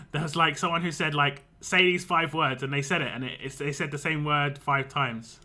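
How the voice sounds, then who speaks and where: Bright-voiced man chatting on stream. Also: a little high, fairly even intonation, moderate pace. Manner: rambling, chatty, laughs a lot. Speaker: game streamer. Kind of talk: casual live-stream chat.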